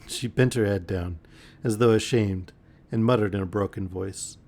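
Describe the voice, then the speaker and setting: A man reading a novel aloud as a bedtime story on a live stream, expressive, with the odd wry aside. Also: lowish voice, normal speed.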